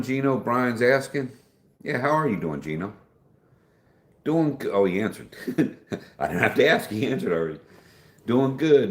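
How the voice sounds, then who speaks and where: Reading viewer comments aloud in a folksy, laid-back livestream, a man with a fairly low voice addresses everyone as "man" or "dude." The audio has a roomy quality.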